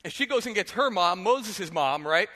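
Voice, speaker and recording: A man preaching a sermon as a pastor, retelling a story in an animated way and acting out the characters. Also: high-pitched, normal speed, long reverb tail. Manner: animated, acts out characters, asks "right?". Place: church sanctuary.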